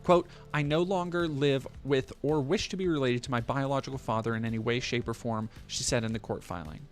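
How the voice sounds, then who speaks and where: A man's voice: medium pitch, brisk, soft background music. A man streaming, reading a news article aloud and breaking off with profane, sarcastic comments.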